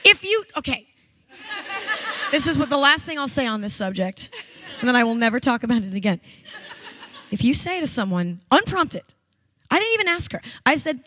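A woman on stage at a live event tells a comic story in an animated, profane way. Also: high-pitched, moderate pace, long pauses. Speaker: comedy writer and actress, guest.

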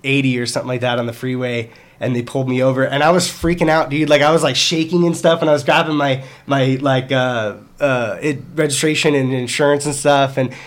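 Rambling, excitable man telling a story. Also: mid-range voice, fairly quick. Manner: rambling, excitable, many restarts. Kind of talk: casual storytelling.

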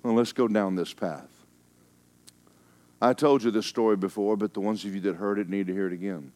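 A male pastor delivering a sermon, telling stories in a folksy, teasing way, with emphatic stretches and hushed asides. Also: lowish voice, brisk. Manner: emphatic, storytelling preacher who drops into hushed asides.

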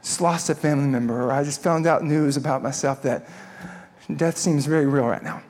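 Man, pastor, high voice, animated storytelling sermon. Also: a little fast. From Texas.

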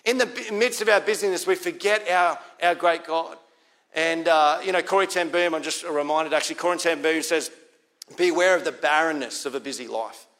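A man's voice: on the high side, moderate pace, fairly bright tone. A man with an Australian accent preaching a sermon as pastor, in a conversational way, repeating key lines for emphasis.

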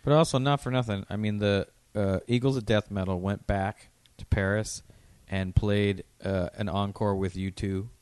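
A man with a lowish voice chats casually on a podcast, telling stories with plenty of swearing. He acts out the quotes in his anecdotes. The recording is dry and close, with little room sound. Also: moderate pace, hardly any pauses, smooth, no room sound. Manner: swearing, animated storyteller acting out quotes. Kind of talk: casual chat.

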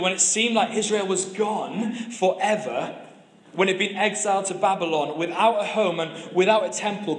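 A man with a voice that sits high preaches a sermon, telling stories with humor and repeatedly restarting his phrases. The sound is roomy.

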